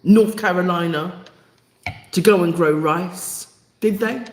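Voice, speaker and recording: A woman's voice: lowish voice, slow, a little mellow. A woman hosting a live stream to her viewers, talking emphatically and repeating phrases for effect. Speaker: channel host. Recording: echoey room.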